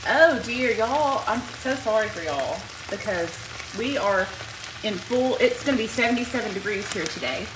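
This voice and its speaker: Chatty Southern woman with a high voice. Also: lively intonation, normal speed, noisy background. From Alabama. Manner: folksy and chatty, greets viewers by name, says y'all a lot. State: allergy-thick throat, clears it often. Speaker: live cooking show host. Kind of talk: chatty live cooking stream. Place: home kitchen at the stove.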